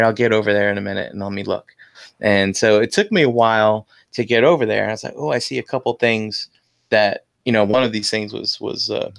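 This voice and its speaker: A man co-hosting a casual podcast, telling a convention story in a loose, animated way and acting out what people said. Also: fairly low pitch, gravelly, no room sound, studio quality. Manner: animated storyteller acting out quotes, swears freely. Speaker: podcast co-host, toy vendor.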